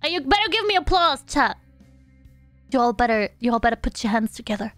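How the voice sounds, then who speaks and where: A woman's voice: a little high, very animated, a little fast, a bit bright, no room sound, faint music behind. A young woman streaming a life-sim game, chatting playfully with her chat, giggling and babbling along to the game's sounds. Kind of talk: casual live-stream gameplay chat.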